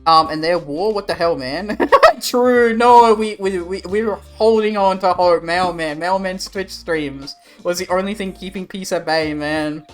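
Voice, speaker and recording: A man's voice: high-pitched, measured pace, soft background music. A young Australian man chatting casually with his stream viewers, rambling and swearing in a laid-back way. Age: young adult. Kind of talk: casual livestream chat.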